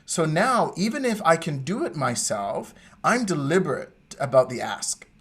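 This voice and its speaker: A man co-hosting a podcast, telling a personal story in an animated way and acting out what others said. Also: on the high side, moderate pace, slightly rough. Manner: animated storyteller, acts out quoted voices. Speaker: podcast co-host. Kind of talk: casual storytelling chat.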